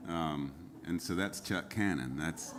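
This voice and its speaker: Speaking unhurriedly in a low voice against a noisy background, a singer-songwriter performs a livestreamed show seated on a venue stage. Between songs he spins easygoing, rambling stories laced with fillers, with faint guitar in the mix.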